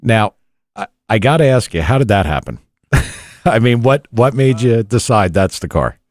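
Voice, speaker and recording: New Jersey co-host, low lively voice, rambling self-deprecating chat. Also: male voice, normal speed, no room sound, clean studio sound. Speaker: podcast co-host. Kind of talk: casual studio chat.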